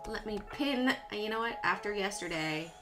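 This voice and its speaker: A woman's voice: medium pitch, lively intonation, moderate pace. A woman hosting a live stock trading stream, chatting casually and playfully with viewers while she works through her charts. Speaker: livestream stock trading host. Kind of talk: casual live market commentary. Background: music.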